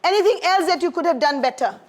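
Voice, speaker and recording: A woman's voice: extremely high pitch, expressive, fast talker. A woman teaching a primary school science class, encouraging her pupils and calling them darling as she leads a clean-up and a discussion.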